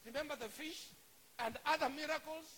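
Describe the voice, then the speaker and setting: Animated high-voiced male preacher. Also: brisk. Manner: animated storytelling, acting out scenes. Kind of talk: sermon. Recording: hissy noisy recording.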